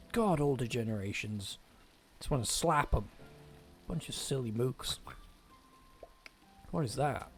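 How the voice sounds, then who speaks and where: A male streamer giving rambling, animated commentary while he plays a video game. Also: mid-range voice, measured pace, long pauses, husky, soft background music. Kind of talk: casual gameplay commentary.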